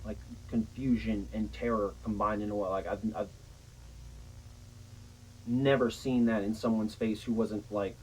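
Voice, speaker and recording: Young guy, lowish voice, rambling swear-heavy storyteller, faint noise behind. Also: measured pace, pauses often, low-quality recording. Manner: rambling, profane, animated retelling. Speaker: storyteller guest. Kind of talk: casual storytelling chat.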